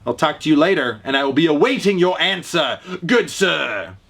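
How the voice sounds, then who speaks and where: A North American man and fellow creator who asks his question in a jokey, playful, casual way. His voice sits fairly high and moves around a lot. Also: expressive, normal speed, gravelly, a bit bright.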